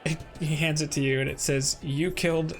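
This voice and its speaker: A man's voice: on the high side, flat delivery, brisk, faint music behind. A man narrating a tabletop game as game master, rambling with many fillers.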